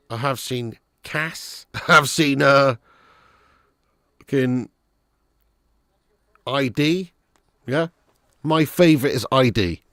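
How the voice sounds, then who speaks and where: A man hosting a live football watch-along, chatting casually and reading viewer comments. He is animated, swears freely and laughs often. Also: mid-range voice, no room sound, studio quality.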